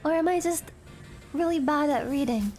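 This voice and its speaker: Very high-pitched excitable woman streamer. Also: normal speed, soft background music. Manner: excitable, giggly, swears freely. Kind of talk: casual live-stream gameplay chat. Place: home room at a desk.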